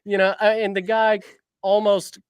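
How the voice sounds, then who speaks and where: A man's voice: sits high, flat delivery, moderate pace, clear, resonant tone, no room sound. A man who creates fan films, arguing his views playfully in casual chat and stammering restarts.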